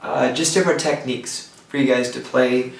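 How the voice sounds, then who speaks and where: A man teaching a songwriting lecture, talking thoughtfully with pauses and restarts, recorded from a distance from the mic. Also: medium pitch, steady tone, creaky. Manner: thoughtful, with pauses and restarts, breaks into sung examples. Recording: roomy sound from a distance from the mic.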